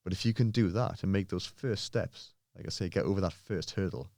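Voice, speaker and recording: A man's voice: sits low, fairly quick, creaky, darkish tone, no echo, studio quality. A man from England, a guest telling personal stories in casual, earnest conversation. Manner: earnest, mimics others' voices in anecdotes. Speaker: podcast guest, pro bodybuilder.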